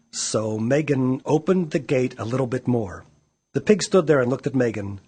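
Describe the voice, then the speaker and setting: A man reading a children's picture book aloud in a playful, animated way. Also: medium pitch, normal speed, slightly rough. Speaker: storyteller.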